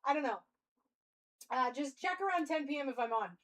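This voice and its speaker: A woman's voice: high voice, expressive, a little fast, fairly bright tone, poor audio. A young woman streamer musing aloud in casual live-stream chat.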